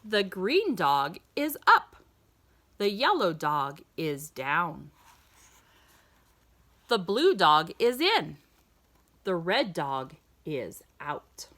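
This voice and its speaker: A woman reads a picture book aloud very slowly, her pitch leaping high and swooping low in an exaggerated sing-song storytime manner. Her tone is bright and clear, and she stops now and then to ask the listener questions. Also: big pitch swings. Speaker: children's book reader.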